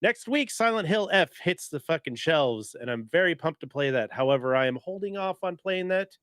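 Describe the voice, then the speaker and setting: A man's voice: on the high side, animated, normal speed, a bit bright, dry recording, clean studio sound. Upbeat man hosting a podcast. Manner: upbeat, loose, laughs often. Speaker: podcast host. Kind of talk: casual podcast chat.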